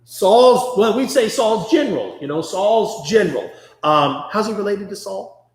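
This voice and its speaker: A man leading a conversational Bible study, chatty and animated, often acting out quotes. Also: high voice, measured pace. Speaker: Bible class teacher. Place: church classroom. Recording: echoey room.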